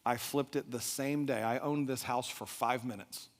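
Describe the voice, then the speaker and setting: A middle-aged man giving a motivational talk at a live event, telling a personal story with animated delivery and asking the audience questions. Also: mid-range voice, moderate pace. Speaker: event speaker. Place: large event hall. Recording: echoey hall reverb.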